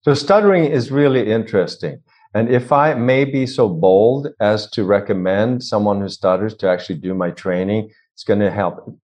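In an interview, a man from Sweden works as a vocal coach, talking through voice technique in his Swedish accent and demonstrating sounds out loud. He has a lowish, slightly mellow voice.

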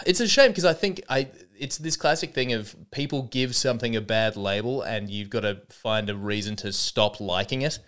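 Rambling Australian comedian around 30. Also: male voice, medium pitch, moderate pace. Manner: rambling, animated storytelling with frequent restarts. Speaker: comedian podcast host. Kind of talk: casual comedic monologue.

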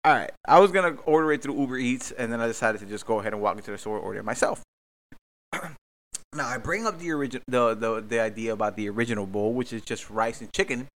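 A male podcast host spins a casual story, rambling and profane. He mocks himself as he goes, in an average-pitched voice. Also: fast, fairly bright tone. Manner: rambling, profane, self-mocking.

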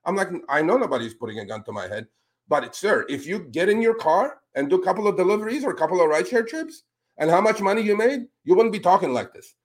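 A man hosting a talk show, speaking in casual, animated commentary that turns indignant as he calls out politicians with a pointed "sir". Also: high voice, quick pace. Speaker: podcast host.

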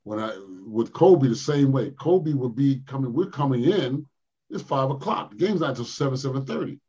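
An older man from Philadelphia, a former pro basketball player, telling animated stories in an interview. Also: medium pitch, moderate pace, breathy edge, dull audio. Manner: animated storyteller, acts out quotes with laughs. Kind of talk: storytelling interview.

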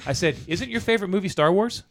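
Fast-talking man swearing through a work story. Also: high voice, creaky. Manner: profane, animated anecdote-telling with quoted dialogue. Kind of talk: casual storytelling chat.

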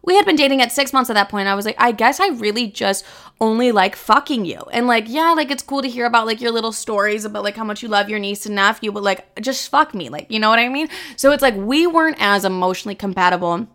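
A young woman in her twenties hosting a podcast, telling candid stories in a blunt, profane, animated way. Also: a little high, fast, hardly any pauses. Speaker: podcast host. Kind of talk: candid casual monologue.

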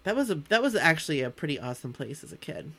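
A woman in her forties, co-hosting a casual chat, animated and quick to laugh. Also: sits low, creaky, husky. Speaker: podcast co-host. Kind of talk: casual chat among friends.

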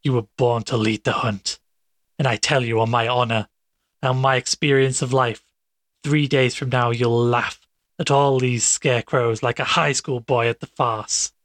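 A man's voice: mid-range voice, steady tone, unhurried, fairly bright tone, no room sound, clean studio sound, lightly acted. A man doing a coaxing, domineering doctor. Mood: persuasive. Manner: persuasive, coaxing. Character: smooth, domineering male doctor.

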